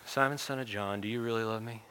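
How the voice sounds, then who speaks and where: A man voicing a calm, earnest grown man who gently presses a question, in a sermon retelling. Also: fairly low pitch, quick pace, a little hiss or hum. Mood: tender.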